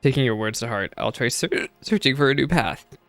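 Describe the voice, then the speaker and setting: A man's voice: medium pitch, lively intonation, a little fast, a bit bright, dry recording, faint music behind. A man voicing a timid, anxious former merchant in a game, reading in a hesitant, earnest, pleading way. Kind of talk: reading game dialogue aloud.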